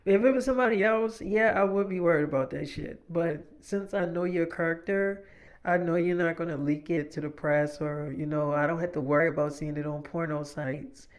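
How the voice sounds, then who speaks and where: A man's voice: fairly high pitch, normal speed, natural voice. A man voicing his girlfriend as a frank, foul-mouthed young woman in casual storytime narration, close to his own voice. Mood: reassuring. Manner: frank, profane, dismissive.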